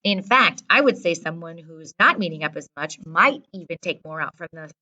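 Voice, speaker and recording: A woman's voice: fairly low pitch, animated, moderate pace, bright, forceful tone, highs cut off. Woman teacher, mic at a distance. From American Midwest. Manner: direct, instructive, often checks in with "okay?". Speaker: Spanish teacher. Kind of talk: classroom briefing to students.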